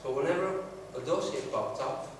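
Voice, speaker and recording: A man's voice: a little high, normal speed, noisy background. A man teaching a sales workshop, telling stories and acting out the dialogue. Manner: storytelling, acts out quoted dialogue. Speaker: sales trainer. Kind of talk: classroom workshop talk. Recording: very echoey room, mic far off.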